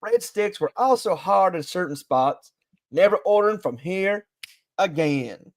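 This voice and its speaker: Reading a complaint about poor service, a man puts on an accent to play a grumpy female customer, sounding complaining throughout. His natural voice is a little high, animated, brisk, and a little mellow, captured in a dry recording.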